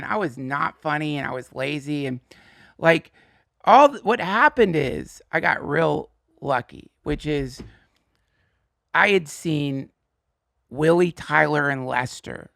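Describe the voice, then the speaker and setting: A man, a comedian guest, telling profane anecdotes in an animated, casual way with quick asides. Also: fairly high pitch, gravelly, no echo, clean studio sound. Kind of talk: casual storytelling interview.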